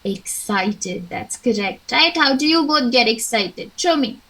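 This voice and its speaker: Speaking slowly and distinctly, a young Indian English–accented teacher leads an online English lesson, offering encouraging examples she acts out. Her pitch is fairly high with lively intonation and a sharp tone, and the recording is rough.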